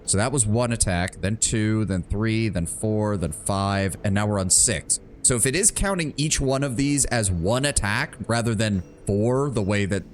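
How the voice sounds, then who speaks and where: Low-voiced wry gaming streamer man. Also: expressive, moderate pace, hardly any pauses, a little hiss or hum. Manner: chatty, wry, swearing, thinks aloud. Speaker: streamer playing a video game. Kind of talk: casual let's-play commentary.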